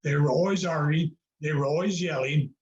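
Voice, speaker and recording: This older man talks briskly in a fairly high but darkish voice, with slight background noise behind him. As a video-call guest, he tells his story in an earnest, preacherly way, full of fillers and repetition, over roomy, dull audio.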